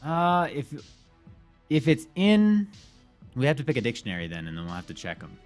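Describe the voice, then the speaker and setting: A man co-hosting a podcast, running a word game in a playful, teasing, quick way. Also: medium pitch, huge pitch swings, faint music behind. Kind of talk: casual podcast chat.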